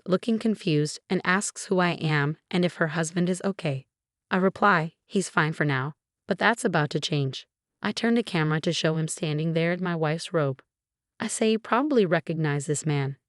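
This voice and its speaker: Woman, story narration, low pitch, even and steady, dry close sound. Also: no room sound. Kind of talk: scripted first-person story narration.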